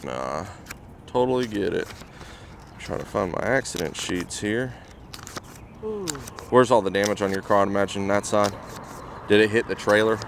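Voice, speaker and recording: A man's voice: on the low side, moderate pace, creaky, pauses often, background noise. A male police officer narrating calls and questioning a driver in a laid-back, matter-of-fact way. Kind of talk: casual on-duty narration and questioning.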